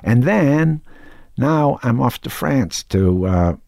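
A man talking casually as an actor guest in an interview, halting, with many restarts and fillers. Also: mid-range voice, expressive, vocal fry, a little mellow, no room sound, clean studio sound.

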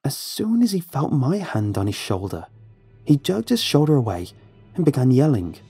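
Mellow-voiced man narrating a horror story. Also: mid-range voice, huge pitch swings, normal speed, slightly rough. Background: faint music.

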